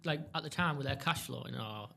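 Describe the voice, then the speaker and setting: Fast-talking gravelly podcast host. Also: male voice, medium pitch, bright, forceful tone. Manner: quick, friendly interjections and questions. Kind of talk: casual interview chat.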